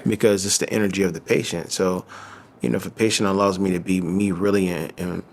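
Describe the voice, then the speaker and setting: A man's voice: low voice, fairly even intonation, quick pace. A man from the Midwestern United States, a physician assistant, talking casually and earnestly with lots of fillers. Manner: loose, filler-heavy, earnest. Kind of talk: casual conversation.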